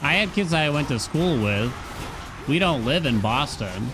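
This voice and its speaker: Slow, laid-back man streaming a game. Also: mid-range voice, animated, noisy background. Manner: laid-back, chatty, addresses chat, hums along. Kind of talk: casual gameplay commentary.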